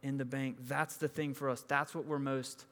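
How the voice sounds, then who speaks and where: A man's voice: medium pitch, level tone, moderate pace, a bit bright, in a large hall. A man preaching a sermon in a conversational way, acting out the people in his stories. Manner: conversational, acts out quoted people. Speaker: pastor.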